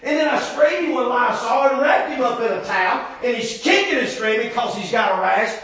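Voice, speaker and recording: Male pastor, joking sermon, high lively voice, far off in an echoey church. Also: brisk. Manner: joking storyteller, often shouting. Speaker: preacher. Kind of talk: comic sermon. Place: church sanctuary. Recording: echoey church hall from afar.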